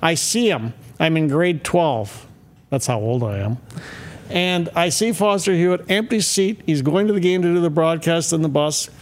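A man's voice: fairly high pitch, expressive, moderate pace. A Canadian man in his sixties, a broadcaster telling anecdotes in a casual chat and chuckling often. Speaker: broadcaster and co-host.

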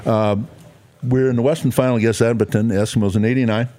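A man, a former pro football player chatting on a talk show and telling stories in a rambling, halting way full of fillers. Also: mid-range voice, steady tone, mellow. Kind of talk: casual storytelling chat.

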